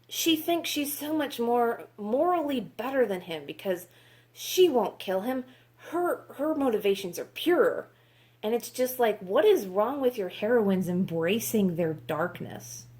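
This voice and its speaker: A woman's voice: mid-range voice, darkish tone. A woman reviewing books in a casual vlog, exasperated, sarcastic and swearing freely. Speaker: book reviewer.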